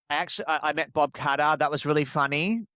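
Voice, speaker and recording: A man's voice: a little high, fairly even intonation, normal speed, sharp tone, no echo, studio quality. A man, a podcast guest, chatting casually and laughing often as he tells stories. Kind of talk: casual chat.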